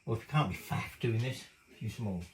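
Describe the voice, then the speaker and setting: Speaking a little fast with a fairly low, expressive voice, the middle-aged cooking show host is recorded roughly in a roomy space with slight background noise. His casual vlog chat rambles on, mildly profane, as he cooks in his kitchen at home.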